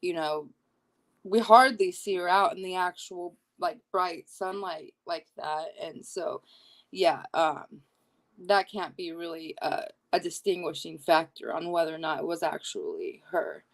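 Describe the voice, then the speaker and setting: A woman's voice: lowish voice, unhurried. A woman chatting hesitantly with many fillers as a panelist on a video call. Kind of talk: casual chat.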